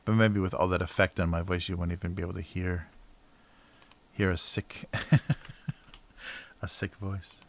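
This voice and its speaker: A cartoonist talking casually to a livestream as he draws, often mumbling to himself and trailing off with soft laughs. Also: sits low, flat delivery, a little fast. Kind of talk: casual chat while drawing.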